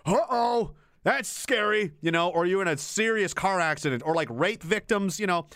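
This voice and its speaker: A young adult man streams an unscripted rant about his time as a military veteran, speaking bluntly and swearing a lot. He often breaks off mid-sentence and starts again. His voice sits high and a bit bright at a moderate pace, in a dry, studio-quality recording.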